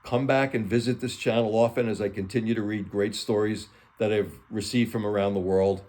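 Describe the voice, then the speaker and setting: Man author reading stories aloud, somewhat low voice, earnest and plain. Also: steady tone, a little fast, a little mellow. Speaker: author and channel host.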